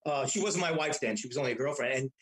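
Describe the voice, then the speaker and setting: A man's voice: mid-range voice, rapid-fire, fairly bright tone, rough recording. A middle-aged man telling stories from his childhood in casual chat, rambling with many restarts and repeated words. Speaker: guest. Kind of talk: casual storytelling.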